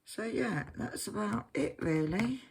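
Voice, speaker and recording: A woman chats casually at her craft desk at home, drifting from thought to thought and joking about herself. She talks slowly and without hurry. Clear clicking noises sit behind her voice throughout. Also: mid-range voice, expressive, noisy background. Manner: rambling, chatty, self-mocking. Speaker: crafting vlogger. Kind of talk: casual chat while crafting.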